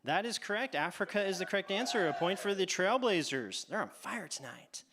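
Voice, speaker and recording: Upbeat male game-show host for kids, playful and teasing, pitch sits a bit high and swings widely. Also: background noise. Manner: animated, teasing, exaggerated pauses. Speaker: quiz host at a church kids' event. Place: church hall stage.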